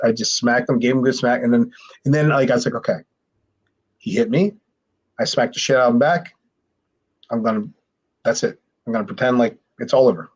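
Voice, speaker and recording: A man in his forties, a former pro wrestler and podcast guest, telling a rowdy story with swearing and acted-out dialogue. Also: medium pitch. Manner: profane, animated, acts out quoted dialogue, restarts often. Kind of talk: casual storytelling.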